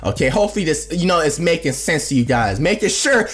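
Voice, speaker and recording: A young man telling a casual storytime as a streamer, swinging from low muttering to excited shouting. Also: fast, soft background music.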